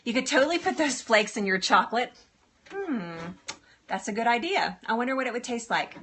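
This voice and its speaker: Middle-aged woman, live-stream host, bright forceful voice, fairly high, bubbly, giggly, chatty. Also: expressive, fairly quick, slight background noise. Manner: bubbly, giggly, answers viewer comments. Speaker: livestream host. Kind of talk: casual live-stream chat.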